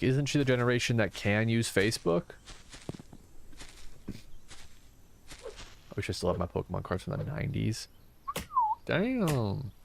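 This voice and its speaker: Man, 30s, low gravelly voice, tired, soft-spoken streamer chatting while gaming. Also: background noise. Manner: soft-spoken, reading and answering chat. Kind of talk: casual live-stream chat while gaming.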